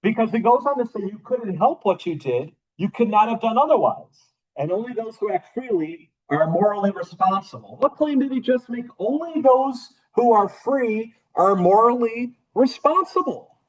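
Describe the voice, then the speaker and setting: A philosophy professor teaches his class in a casual lecture style, posing rhetorical questions to students and repeating key phrases. His voice is extremely high, with lively intonation, a moderate pace and hardly any pauses, on a rough recording.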